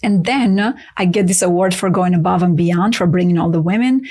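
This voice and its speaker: A woman guest telling her story in an interview, lively and chatty, acting out quoted voices with jumps in pitch. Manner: says "LOL" aloud, quick and chatty. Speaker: guest author.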